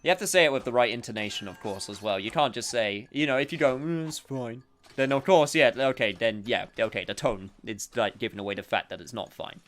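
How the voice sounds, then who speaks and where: A man's voice: mid-range voice, animated, fast talker, few pauses, a bit bright. Rambling man commentating a game. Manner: rambling, filler-heavy, self-interrupting. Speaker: gameplay commentator. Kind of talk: casual let's-play commentary.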